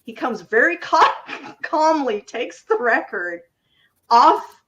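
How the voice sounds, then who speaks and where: Bright-voiced woman in her fifties, anecdotal. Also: high-pitched, slow, a little hiss or hum. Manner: searching for words, lively anecdotes. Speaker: co-host. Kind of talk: casual chat. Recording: slightly dull recording.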